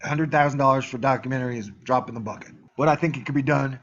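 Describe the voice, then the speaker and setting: A man's voice: medium pitch, rapid-fire, muffled recording, slight background noise. A man ranting on his own channel, heated and profane, sometimes mocking the voices of his critics. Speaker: YouTube channel host. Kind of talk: angry solo rant to camera.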